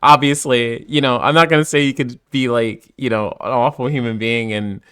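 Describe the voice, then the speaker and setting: A woman's voice: a bass voice, fairly even intonation, moderate pace, a bit bright, smooth, dry recording, studio quality. A woman from New Jersey with a New Jersey accent, a little tipsy, chatting casually on a livestream, laughing often and swearing freely.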